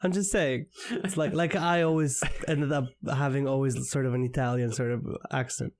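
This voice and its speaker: A man's voice: mid-range voice, fairly even intonation, darkish tone. Teasing man joking on a podcast. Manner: teasing, joking, halting restarts. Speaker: podcast co-host. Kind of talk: casual chat.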